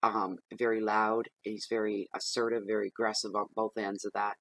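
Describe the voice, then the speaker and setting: A man's voice: lowish voice, flat delivery, normal speed, a bit bright, poor audio. A man giving a casual tarot reading, chatty and plain-spoken, often repeating himself as he gives direct advice. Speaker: tarot reader.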